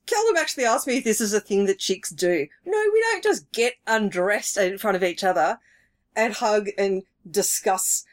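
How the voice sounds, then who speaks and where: A woman's voice: mid-range voice, expressive, normal speed. A woman co-hosting a casual film review podcast, chatty, retelling scenes and laughing easily. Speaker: podcast co-host.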